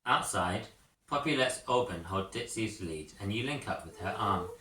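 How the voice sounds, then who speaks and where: A man narrating a second-person storybook in a measured way, with occasional coughs. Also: on the low side, lively intonation, pushed and bright, slight background noise. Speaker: audiobook narrator. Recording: roomy echo, mic at a distance.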